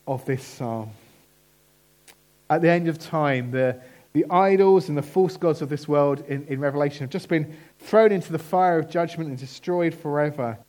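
Man preaching a sermon, earnest, emphatic, slightly high pitch, slows on key words. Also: darkish tone.

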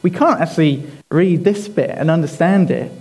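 Male preacher, sermon, slightly high but mellow voice, slow and emphatic. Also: rough recording. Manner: deliberate, emphatic, repeats key phrases.

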